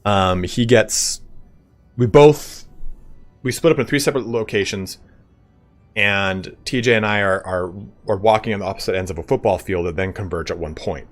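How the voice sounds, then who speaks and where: A young man, a gaming streamer, telling a story in casual chat, animated and swearing often. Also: lowish voice, normal speed, soft background music.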